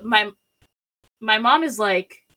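A woman's voice: mid-range voice, expressive, takes it slowly, bright, forceful tone. A young woman telling a personal story in casual chat, rambling with lots of fillers and acting out quotes. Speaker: storyteller guest.

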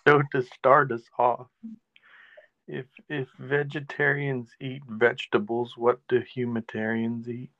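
Give me a soft-spoken, hesitant man reading out questions on a casual podcast. His voice sits in a middle range and comes through a dull, muffled mic with no room echo. He starts and restarts his sentences. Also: mid-range voice, little pitch movement, unhurried. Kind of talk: casual comedic chat.

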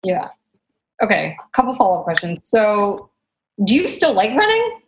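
A woman's voice: mid-range voice, wildly swooping pitch, moderate pace, a little hiss or hum, rough recording. A woman interviewer asking casual, friendly follow-up questions with curiosity.

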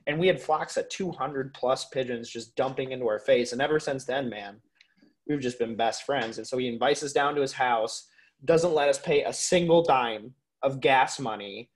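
A young man from Minnesota, a guest on a podcast, telling stories in an animated, casual way, full of "like" and "dude" and the odd swear word. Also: mid-range voice, moderate pace. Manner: animated storyteller, swears freely, lots of "like" and "dude". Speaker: podcast guest, waterfowl hunter.

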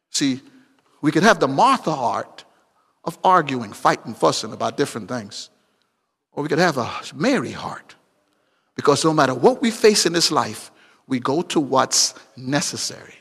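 A man preaching a sermon, swinging between loud emphatic bursts and hushed asides. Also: mid-range voice, big pitch swings, moderate pace, slightly rough, in a large hall.

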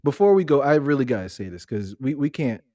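A middle-aged man chatting on a family podcast, easygoing and rambling, with frequent laughs. His voice sits at an ordinary pitch and sounds close and dry, with no room around it. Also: very animated, fast talker, dark tone, no room sound. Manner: laid-back, rambling, laughs often. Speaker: podcast co-host. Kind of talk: casual family podcast chat.

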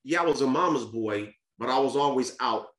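A man's voice: medium pitch, a little fast, a bit bright. A man speaking as a podcast guest, telling a candid personal family story in an earnest, casual way, often restarting and repeating words. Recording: roomy echo.

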